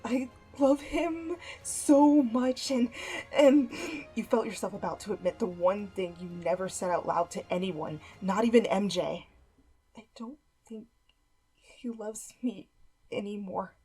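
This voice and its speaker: A woman's voice: lowish voice, steady tone, a little mellow, slightly rough, faint music behind. A woman voicing a heartbroken, tearful young woman. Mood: sobbing. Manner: shaky, tearful, halting.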